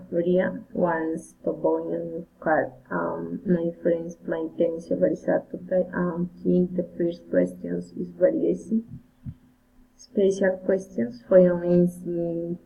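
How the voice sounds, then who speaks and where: A woman reading English pronunciation drills aloud, word by word, carefully and haltingly, often repeating words. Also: fairly low pitch, level tone, gravelly. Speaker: English learner. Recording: tinny phone-like recording.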